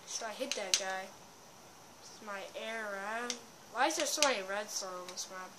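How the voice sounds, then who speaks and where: A woman giving casual gameplay commentary, excitable and often bursting into yells. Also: mid-range voice, moderate pace, very noisy.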